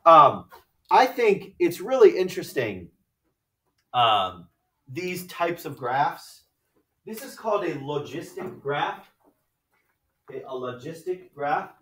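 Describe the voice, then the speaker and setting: A man's voice: on the high side, sing-song, takes it slowly, pauses often, fairly bright tone. A man teaching a math class, explaining step by step and often asking rhetorical questions like "right?". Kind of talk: classroom lecture. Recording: echoey room from far off the mic.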